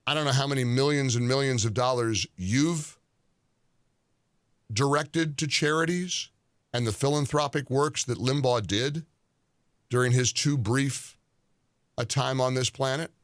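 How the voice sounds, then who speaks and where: Male commentator, indignant and deliberate, dry recording. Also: medium pitch, dry recording. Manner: indignant, deliberate, stressing words. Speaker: political commentator. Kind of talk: scripted commentary monologue.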